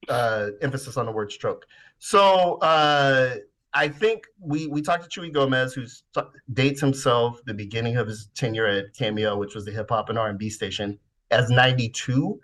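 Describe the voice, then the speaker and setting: A man's voice: mid-range voice, normal speed. A man in his forties from the Bay Area talks in a loose, reminiscing way, dropping the odd swear word. His voice sits in an ordinary middle range. It is an easygoing podcast conversation. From San Francisco Bay Area. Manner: relaxed, reminiscing, swears casually. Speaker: podcast host. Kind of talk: casual chat.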